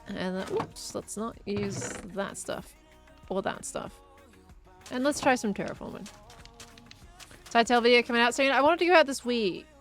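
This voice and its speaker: A woman streaming a building game, chatting casually and reading out chat messages as she plays. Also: mid-range voice. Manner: chatty, reads out chat messages and muses aloud while building. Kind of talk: casual live-stream chat while gaming.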